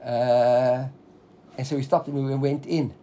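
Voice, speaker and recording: Slightly slow and mid-range, with a faint hiss or hum on the audio, this man's voice leads a Talmud lesson. He explains each step with animation and keeps asking "right?".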